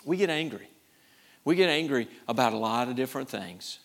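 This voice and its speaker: A man preaching a sermon, repeating himself and swinging between loud bursts and quiet asides. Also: mid-range voice, expressive, brisk.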